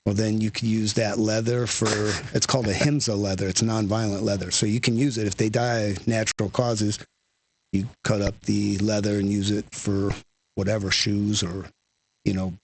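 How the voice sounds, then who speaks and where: Gravelly, husky-voiced man telling stories. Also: fairly low pitch, little pitch movement, moderate pace. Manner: rambling, peppered with "you know" and "like". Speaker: guest musician, lead singer. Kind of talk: casual conversational storytelling.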